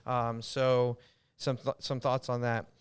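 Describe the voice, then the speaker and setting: Smooth-voiced American man giving tips. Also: medium pitch, slow. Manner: loose, filler-heavy, animated when making a point. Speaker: podcast host, real estate coach. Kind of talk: casual podcast chat giving tips.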